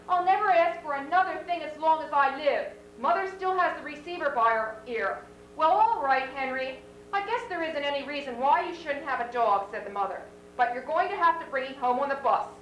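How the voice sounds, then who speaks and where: A woman teacher reading a children's story aloud to a class, with expressive read-aloud voices for the characters, in a classroom. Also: high voice, highs cut off. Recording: echoey classroom from far off, faint hum.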